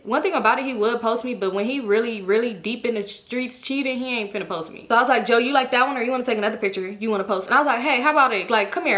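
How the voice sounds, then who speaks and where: A young woman rattles through a personal storytime at a fast clip, her voice bright and sharp. She sits a little high for a woman and talks in a casual, animated way. She swears freely and drops into the voices of the people in her story. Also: a little hiss or hum. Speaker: storytime vlogger.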